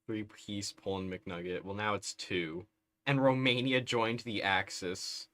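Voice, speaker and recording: Slow, low-voiced bemused male streamer. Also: fairly even intonation, bright, forceful tone. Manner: bemused, laughs often. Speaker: livestreamer playing a strategy game. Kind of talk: casual live commentary.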